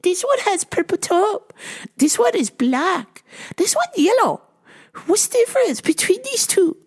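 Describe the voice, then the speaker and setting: A woman voicing a fussy older female customer who keeps asking questions in high, slow, broken English. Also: very animated, exaggerated voice. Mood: fussy, insistent.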